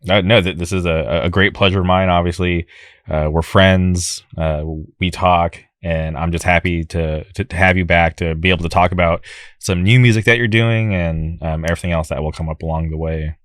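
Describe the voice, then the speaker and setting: A man's voice: low-pitched, steady tone, moderate pace, no echo, studio quality. A young man hosting a podcast, talking in an enthusiastic, rambling way with frequent restarts. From California. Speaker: podcast host. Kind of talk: casual podcast talk.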